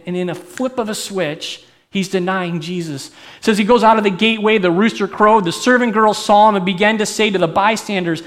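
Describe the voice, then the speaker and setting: A middle-aged male pastor giving an animated, conversational sermon, often putting questions to the congregation. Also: high-pitched, fairly quick.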